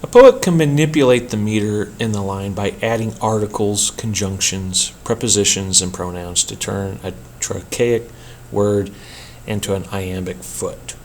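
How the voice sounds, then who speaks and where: A man teaching a poetry workshop in a measured, explanatory lecture style, with an occasional slip. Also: on the low side, a little hiss or hum. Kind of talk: scripted lecture narration.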